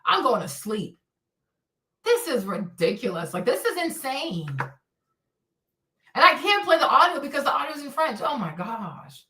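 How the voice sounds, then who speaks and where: A woman's voice: high-pitched, sing-song, a little slow, long pauses, bright, forceful tone, far from the mic, slight background noise. Chatty woman streamer in an echoey room. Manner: chatty, exasperated, slangy. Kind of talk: casual live-stream commentary.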